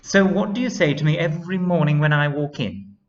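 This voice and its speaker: A man's voice: on the high side, brisk, voice pushed up, lightly acted. A man doing a firm, mysterious woman teacher. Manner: quiet but firm, theatrical. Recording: dull lo-fi sound.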